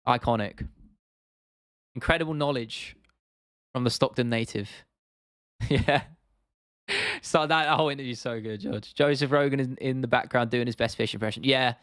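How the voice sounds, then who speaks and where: Laid-back young British man, smooth voice. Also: mid-range voice, normal speed, long pauses, fairly bright tone, dry recording, clean studio sound. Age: 20s. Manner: laid-back, chatty, swears casually, says "bro". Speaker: livestream host. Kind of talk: casual livestream chat reading viewer comments.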